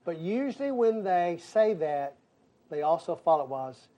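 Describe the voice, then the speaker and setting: An older man preaching a sermon as pastor, emphatic, dropping into quiet asides and rising to loud bursts. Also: a little high, big pitch swings, normal speed, muffled recording. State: crying.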